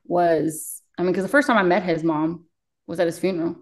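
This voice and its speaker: A young woman with a fairly low voice tells her story in a candid interview. She talks bluntly and emotionally, swearing freely as she describes her work as a paramedic. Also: fairly even intonation, fairly quick. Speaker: paramedic guest.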